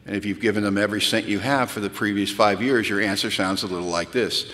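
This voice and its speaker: A man telling a self-mocking recovery story to an audience in a hall, animated and rising to high-pitched punchlines. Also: fast talker. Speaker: speaker sharing recovery story. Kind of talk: storytelling talk to a live audience. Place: large hall at a retreat. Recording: long reverb of a hall.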